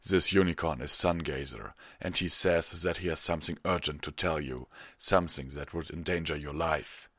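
A man's voice: very deep voice, normal speed, hardly any pauses, fairly bright tone, husky, dry recording, studio quality, heavily acted. A man voicing a stern stallion captain of the royal guard who speaks in a commanding, reproachful way. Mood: deferential.

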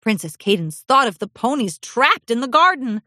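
A woman narrating a children's storybook aloud in an expressive, animated reading style. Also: a little high, moderate pace, dry recording, clean studio sound.

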